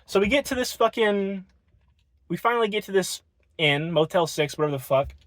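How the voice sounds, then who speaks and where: A man's voice: high-pitched, expressive, fairly quick. A man telling a rambling, profane story in a casual storytime vlog.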